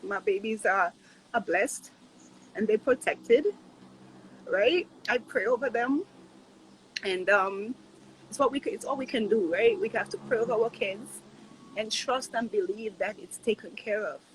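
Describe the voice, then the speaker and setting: A woman's voice: mid-range voice, unhurried, long pauses, slight background noise, rough recording. A woman in her thirties, a guest sharing a heartfelt casual chat, earnest and reflective, often asking "right?". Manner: earnest, reflective, repeats phrases, says "right?".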